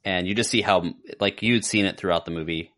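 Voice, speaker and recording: A man with a very low, deep voice talks through a film in relaxed podcast chat. He rambles, circles back and restarts his sentences, with plenty of filler words. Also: fairly quick. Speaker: podcast co-host. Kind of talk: casual movie review chat.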